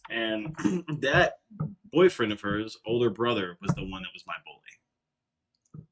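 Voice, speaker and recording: A man's voice: on the low side, slow, noisy background. A young man co-hosting a casual podcast, telling stories with lots of laughing and swearing. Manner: animated storyteller, laughs often, swears. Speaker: podcast co-host. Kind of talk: casual banter.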